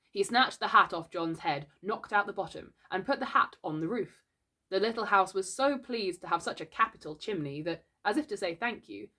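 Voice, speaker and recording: A woman reading a classic children's book aloud in a gentle, unhurried storytelling voice. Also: lowish voice.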